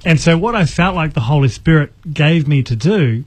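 A man's voice: on the high side, lively intonation, normal speed, breathy edge, dry recording. A man from New Zealand in his thirties with a New Zealand accent, telling a humorous personal story as a podcast guest. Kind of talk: casual testimony on a Christian podcast.

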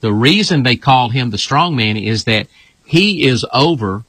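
A male pastor with a bright, forceful voice that has a husky edge. He explains things in an emphatic, repetitive way, and the sound is close and dry. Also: medium pitch, lively intonation, measured pace, no room sound, low-quality recording. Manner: emphatic, repeats "this here". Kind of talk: casual teaching talk.

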